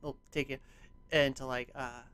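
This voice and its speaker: A man's voice: mid-range voice, flat delivery, normal speed, fairly bright tone, smooth. A man running a tabletop game as game master, narrating and ruling with many hesitant fillers.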